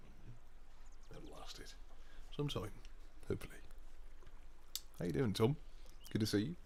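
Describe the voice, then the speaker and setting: A man's voice: medium pitch, lively intonation, normal speed, gravelly, darkish tone, a little hiss or hum. A young man chatting casually on a live stream, thinking aloud and trailing off into mumbles.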